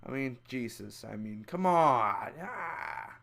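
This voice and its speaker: A young man giving a casual, loud and excitable spoiler review, full of slang, who acts out the scenes with high squeals and screams. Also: slow pace, vocal fry. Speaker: movie reviewer.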